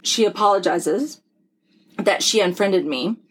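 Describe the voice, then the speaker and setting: Candid, husky-voiced woman co-host. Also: medium pitch, unhurried, rough recording. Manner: candid, sarcastic storytelling with swearing. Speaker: podcast co-host. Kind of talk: casual chat.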